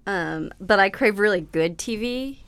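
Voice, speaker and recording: Gushing woman with a gravelly edge. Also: unhurried, no room sound. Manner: gushing and enthusiastic, with swooping excited highs. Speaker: blogger and podcast guest. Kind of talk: casual chat.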